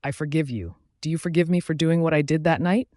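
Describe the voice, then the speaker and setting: A man's voice: fairly high pitch, fast, darkish tone, no room sound, clean studio sound, lightly acted. A man voicing an earnest, forgiving young mate who pleads insistently in an audiobook romance. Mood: pleading.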